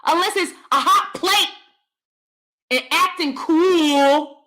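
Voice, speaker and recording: Woman, American, livestream host, animated, blunt, brassy tone, high-low register swings. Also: takes it slowly. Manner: blunt, laughing asides. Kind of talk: casual livestream commentary, reading chat.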